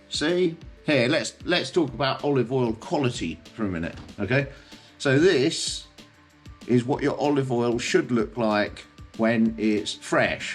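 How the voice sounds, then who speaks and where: This is a British man speaking at a leisurely, unhurried pace in an everyday mid-range voice. He hosts a casual explainer and keeps it chatty. He checks in with the listener at the end of many of his points. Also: mid-range voice. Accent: British English. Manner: chatty, checks in with tag questions like okay and yeah. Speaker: host.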